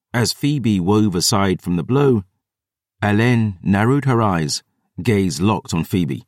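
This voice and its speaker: A low-voiced man reads a grim first-person audiobook. His delivery is grave and intense, and the recording is dry and close, with no room echo. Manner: grave, intense dramatic reading. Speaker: audiobook narrator.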